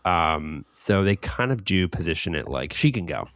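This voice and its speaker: Man, very deep voice, dry sound, podcast co-host, wry teasing banter. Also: expressive, fairly bright tone, no echo. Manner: wry, teasing, quick quips. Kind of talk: casual chat recapping a film.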